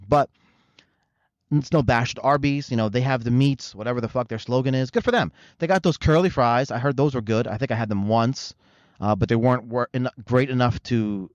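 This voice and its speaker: A man's voice: medium pitch, dry recording. Profane, rambling male comedy host. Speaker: show host. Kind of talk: comedic commentary rant. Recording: slightly muffled dry recording.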